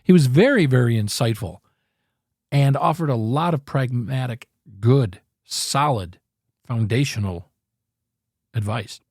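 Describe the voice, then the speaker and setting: Earnest male podcast host, casual motivational talk, rambles and corrects himself, mid pitch, dead-dry room. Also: expressive, a little slow, pauses often, a little mellow, no room sound.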